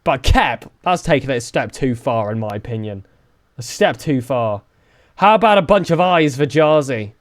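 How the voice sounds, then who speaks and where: A young man from the south of England with a southern English accent, chatting casually with his live-stream viewers and joking around. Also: normal speed. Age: young adult. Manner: chatty and joking, with lively swings in pitch.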